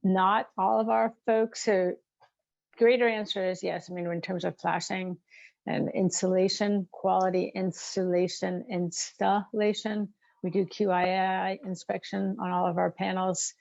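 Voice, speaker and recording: A woman's voice: mid-range voice, level tone, a little slow, vocal fry, darkish tone. A woman panelist answering webinar questions in a conversational way, often asking "right?" and saying "you know". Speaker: prefab specialist panelist. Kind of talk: casual Q&A answers. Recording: dull lo-fi call audio.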